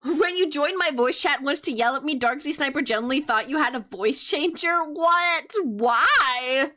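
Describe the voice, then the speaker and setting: A woman with a high, childlike voice chats casually on a live stream, reading out messages and answering them. She sounds bright and crisp, playful and teasing in her asides. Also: normal speed.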